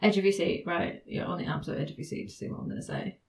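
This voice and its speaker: A woman's voice: fairly low pitch, fairly even intonation, racing, vocal fry, a little mellow, a little hiss or hum. A woman hosting a podcast, chatting casually and laughing often as she explains legal cases. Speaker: podcast host.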